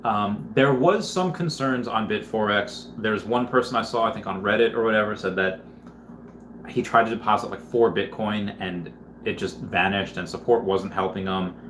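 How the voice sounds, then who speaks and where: A man's voice: fairly low pitch, moderate pace, fairly bright tone, slight background noise. Rambling man in an echoey room. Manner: rambling, with many fillers and restarts. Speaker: livestreamer reading viewer comments. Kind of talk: casual livestream chat. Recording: roomy echo.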